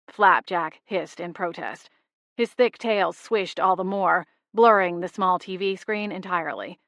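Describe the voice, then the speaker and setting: A woman's voice: fairly low pitch, a little slow, fairly bright tone, dry recording, studio quality. A woman narrating a humorous cozy mystery audiobook in first person, with a wry, lightly humorous delivery.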